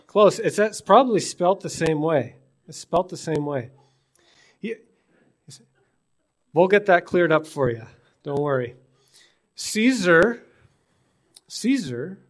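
With fairly high pitch and expressive delivery, a man preaches at a measured pace and pauses often. He's a pastor from British Columbia, Canada, speaking conversationally and posing rhetorical questions to a Newfoundland congregation.

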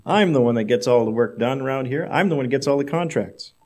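A man's voice: mid-range voice, quick pace, darkish tone, natural voice. A man voicing a resentful male sales director who grumbles about his boss. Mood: grumbling. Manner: muttering, grumbling.

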